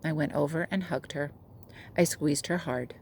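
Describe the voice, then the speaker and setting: A woman teacher reading a children's novel aloud to her class in a steady, gentle way. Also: low-pitched, moderate pace, slight background noise.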